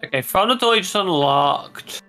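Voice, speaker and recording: A man's voice: high voice, animated, unhurried, sharp tone, faint music behind. A man chatting casually while gaming, explaining the quest steps. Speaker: co-player. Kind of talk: casual gameplay chat.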